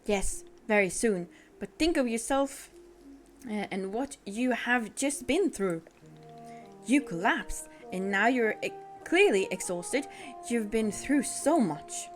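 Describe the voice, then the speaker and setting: A woman's voice: fairly high pitch, expressive, slow pace, soft background music. A woman reading as a kindly old tea-shop keeper. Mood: gentle persuasive. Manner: polite, formal, soothing reading of game dialogue. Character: gentle older male tea-shop keeper, kindly and patient. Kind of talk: reading game dialogue aloud.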